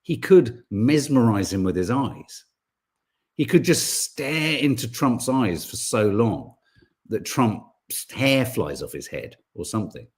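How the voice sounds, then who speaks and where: A man, hosting a podcast in casual chat and reading out viewer comments in a rambling, animated way. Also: medium pitch, slow. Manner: rambling, animated, full of restarts and asides. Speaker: podcast host.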